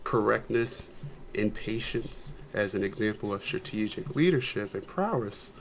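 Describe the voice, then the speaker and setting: A man voicing his tabletop character, a measured adventurer calmly giving stern advice to a companion. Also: lowish voice, a little hiss or hum, poor audio. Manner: slow, deliberate delivery.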